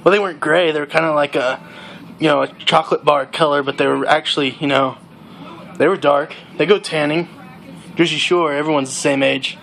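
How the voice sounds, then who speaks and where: A man's voice: on the high side, steady tone, brisk, vocal fry, a bit bright, slight background noise. A young man playing a cocky young party-bro gamer who brags in drawling slang during a comedic monologue over gameplay. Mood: boastful bro.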